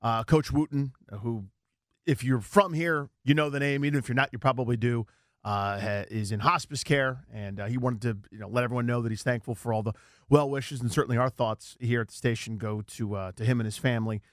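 Male sports radio host, 40s, animated self-mocking storyteller, dry studio sound. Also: medium pitch, fairly quick, dry recording. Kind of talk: casual sports talk.

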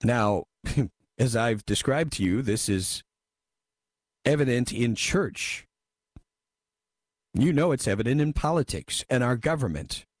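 A man hosts a talk radio show, reading listener messages and giving wry, emphatic commentary into a studio microphone. His mid-range voice is animated, with a slow pace and long pauses, on a dry recording.

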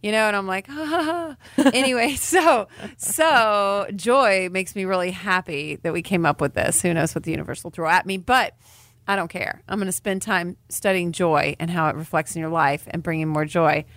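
A woman's voice: lowish voice, moderate pace, fairly bright tone, no room sound. A woman hosting a podcast in casual chat, bubbly and gushing, laughing often. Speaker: podcast host.

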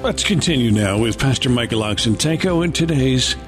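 A man giving a smooth, scripted broadcast announcement with show details. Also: medium pitch, animated, a little fast. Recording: music bed behind the voice.

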